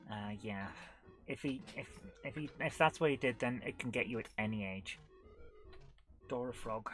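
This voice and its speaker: A woman's voice: extremely low pitch, expressive, normal speed, faint music behind. Chatty woman streaming a retro game. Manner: chatty, giggly, reads chat aloud. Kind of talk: casual live-stream chat while gaming.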